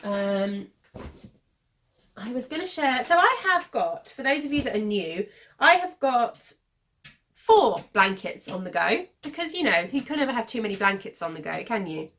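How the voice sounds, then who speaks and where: A woman in her thirties from the UK hosting a knitting podcast, rambling casually with lots of fillers and self-corrections, a little hoarse as she is losing her voice. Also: on the high side, big pitch swings, normal speed, fairly bright tone, a little hiss or hum. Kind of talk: casual show-and-tell chat.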